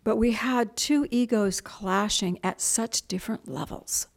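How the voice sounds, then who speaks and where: Addressing a group, a middle-aged woman who is a spiritual teacher tells stories chattily, imitating others' voices and whispering softly when she reaches the important parts. She has a fairly high, creaky voice and a measured pace.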